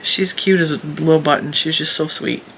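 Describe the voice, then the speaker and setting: Bright, chatty woman vlogger. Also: sits low, normal speed, creaky, slight background noise. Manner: animated, laughs often, acts out quotes. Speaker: crochet YouTuber. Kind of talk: casual chatty vlog storytelling. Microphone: camera in a room at home.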